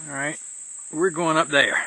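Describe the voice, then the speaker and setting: His voice is on the high side, pushed and bright, steady in tone at normal speed. As a hiker scouting a mountain trail, he walks and films handheld, chatting loosely to camera and restarting his phrases along the way.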